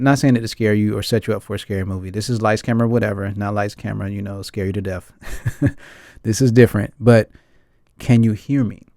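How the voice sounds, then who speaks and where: Mellow-voiced man in earnest rambling chat. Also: lowish voice, no room sound, clean studio sound. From United States. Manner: earnest and rambling, keeps asking the audience "right?" and "guys". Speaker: film discussion host. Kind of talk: casual reflective chat.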